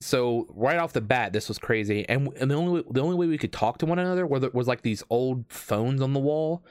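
A man telling a long story in casual chat, rambling with lots of fillers and restarts, getting animated. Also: mid-range voice, brisk, clear, resonant tone, dry recording, studio quality. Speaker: escape room game host.

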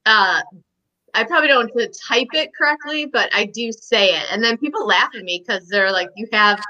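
Woman co-host, animated chatter, sharp bright tone. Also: a little high, a little fast, lo-fi sound. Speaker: podcast co-host. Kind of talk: casual chat.

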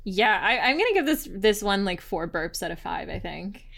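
A woman's voice: medium pitch, big pitch swings, normal speed, creaky, a bit bright. Woman co-host, mid-range voice, chatty rambling recapper for a podcast. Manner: rambling, lots of "like" fillers. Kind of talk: casual recap chat.

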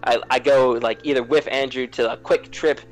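A man's voice: mid-range voice, fairly even intonation, moderate pace, soft background music. Rambling young man with lots of fillers. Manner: rambling, heavy on "like" and "to which". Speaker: podcast co-host. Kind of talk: casual chat.

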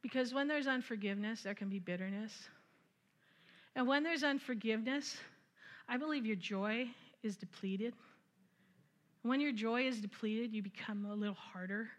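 A woman preaching a conversational sermon, retelling scripture with lively asides and frequent laughter. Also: a little high, moderate pace.

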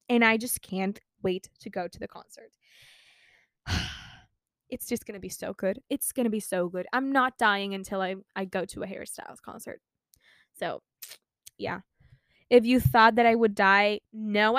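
A teenage girl, talking in a smooth, bright-toned voice that sits a little high. She gushes excitably and swears freely in casual chat. The sound is close and dry, with no room around it. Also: no echo. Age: teens. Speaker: podcast host.

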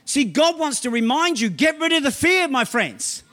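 A man with a very high voice delivers a sermon with loud, emphatic bursts. He reads scripture in a slow, deliberate way and keeps checking in with his listeners between points. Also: sing-song. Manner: emphatic preaching, often asking "right?", slow scripture reading. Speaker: pastor.

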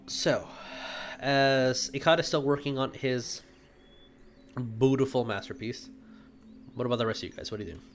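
A man narrating as game master for a tabletop game, relaxed and full of fillers. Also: mid-range voice, moderate pace, pauses often, slight background noise.

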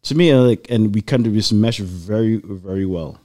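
A man with a fairly low voice tells a personal story in a relaxed conversation. He rambles, restarts his sentences and leans on fillers as he goes. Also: normal speed. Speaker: guest. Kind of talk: casual chat.

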